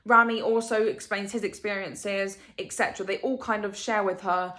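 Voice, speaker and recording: A woman's voice: mid-range voice, fairly even intonation, normal speed, few pauses, sharp tone. Emotional woman rambling about a book. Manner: emotional, rambling, rhetorical questions. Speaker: book vlogger. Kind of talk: casual rambling book review.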